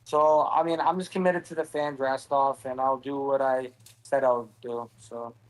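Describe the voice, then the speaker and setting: A man's voice: medium pitch, steady tone, moderate pace, poor audio. A man chatting as a show guest, rambling with lots of fillers. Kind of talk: casual chat.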